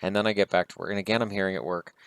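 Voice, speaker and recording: Low-voiced man ranting about hockey. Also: fairly even intonation, very fast, a bit bright, clean tone, no echo. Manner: heated, blunt and profane. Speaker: hockey vlogger. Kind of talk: casual opinion rant.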